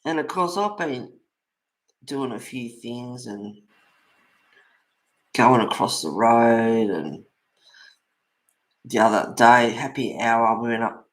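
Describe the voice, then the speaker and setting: A man's voice: medium pitch, slow, long pauses. A man hosting a colouring stream from home, telling rambling stories with frequent laughs. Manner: rambling storyteller, laughs often. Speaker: colouring channel host. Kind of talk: casual chat while colouring.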